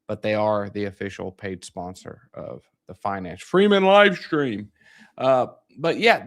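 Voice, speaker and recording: A man hosting a casual livestream on markets, hedging and repeating his phrases. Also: lowish voice. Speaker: livestream host.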